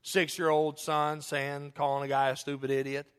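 A male pastor preaching an animated sermon, repeating phrases for emphasis and joking with his congregation, recorded in a church. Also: fairly high pitch, moderate pace, smooth. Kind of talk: sermon with humorous asides. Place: church sanctuary. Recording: long reverb of a church hall.

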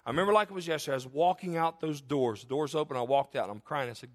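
With a medium-pitched voice and lively intonation, a middle-aged male pastor tells a personal story in his sermon at a rapid-fire pace with few pauses. He is earnest throughout, climbing to emphatic declarations and falling to hushed tones.

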